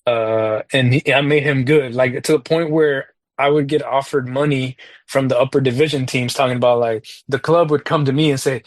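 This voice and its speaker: A man talking as a podcast guest in a casual chat, rambling through a story with lots of fillers and getting animated over his frustrations. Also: mid-range voice, normal speed, no echo. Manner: animated when recalling frustrations.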